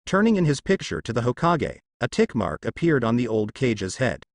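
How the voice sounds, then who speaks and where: Male narrator with lively intonation. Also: mid-range voice, moderate pace, no echo, studio quality. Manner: straightforward storytelling. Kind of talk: reading a fan story aloud.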